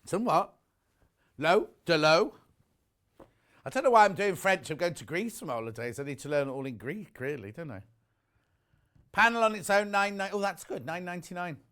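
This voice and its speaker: A man's voice: high-pitched, expressive, normal speed, pauses often, fairly bright tone. A middle-aged man from the UK presenting fabric bundles on a live shopping channel, chatting in a rambling way full of jokey asides. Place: warm studio with the shutter doors open.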